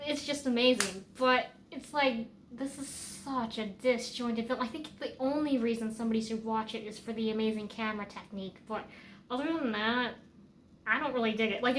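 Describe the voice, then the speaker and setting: A woman's voice: mid-range voice, a bit bright, a little hiss or hum. A woman giving casual, rambling film commentary as a vlogger, chatty and opinionated, with many fillers and restarts.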